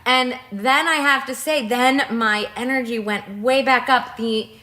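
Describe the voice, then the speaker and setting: A woman co-hosting a podcast in casual chat, enthusiastic and giggly with quick reactions. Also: on the high side, bright, forceful tone. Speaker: podcast co-host.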